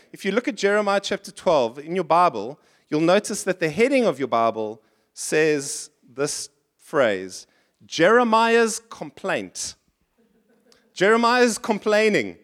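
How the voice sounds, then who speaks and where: Male pastor, high voice, lively preaching style, puts on complaining voices. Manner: animated, acts out complaining voices in higher pitch. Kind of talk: sermon. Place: church.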